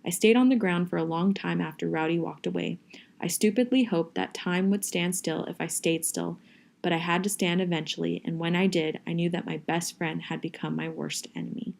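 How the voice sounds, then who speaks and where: A woman reading a novel aloud in a steady, first-person audiobook style. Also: lowish voice, moderate pace, vocal fry. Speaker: reader.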